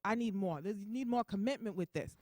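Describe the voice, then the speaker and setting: A woman's voice: mid-range voice, brisk, warm tone, no echo, studio quality, natural voice. A woman doing stand-up voices her butt pad as a whiny, demanding female partner who wants more commitment. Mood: complaining. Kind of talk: stand-up comedy.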